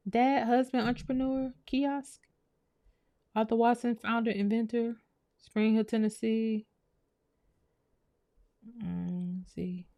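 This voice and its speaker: Blunt animated woman streaming to chat. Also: fairly high pitch, slow, pauses often, no echo, muffled recording. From United States. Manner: blunt, animated, swears freely, addresses viewers as y'all. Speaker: livestream host. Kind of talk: casual livestream commentary reading chat.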